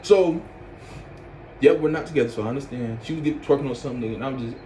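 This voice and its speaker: Young man, casual storytime vlogger, lively, acts out his reactions. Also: fast talker, slight background noise. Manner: animated storyteller, acts out his own reactions with loud high outbursts and laughs.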